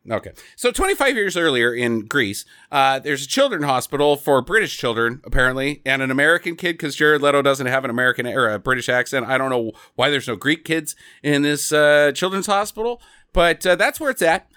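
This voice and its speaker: A man's voice: on the high side, smooth, dry recording, studio quality. A man casually recapping a movie plot on a podcast, joking and swearing as he acts out scenes. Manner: joking, profane, animated retelling with mimicked lines. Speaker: podcast co-host.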